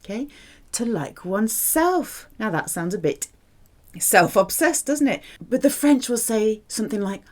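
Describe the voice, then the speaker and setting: A woman teaching a French lesson, drilling verb forms slowly and checking in with the learner. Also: on the high side. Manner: slow, deliberate drilling of verb forms with lively questions to the learner. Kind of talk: language lesson.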